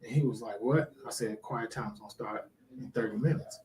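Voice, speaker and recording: A man's voice: fairly low pitch, moderate pace, a little mellow, slight background noise, low-quality recording. A man telling a work story in casual chat, acting out the people he quotes. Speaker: guest.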